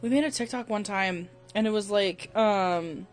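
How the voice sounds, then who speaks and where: A woman's voice: mid-range voice, moderate pace, faint music behind. A woman co-hosting a podcast in casual chat, swearing freely and breaking into laughter. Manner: profane, animated, bursts into laughter. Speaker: podcast co-host.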